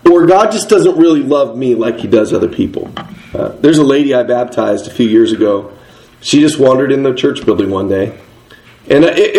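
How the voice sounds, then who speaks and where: Middle-aged male preacher, plain mid-pitched voice, earnest and conversational. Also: warm tone, rough recording. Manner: earnest, conversational preaching with Bible verse readings. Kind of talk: sermon.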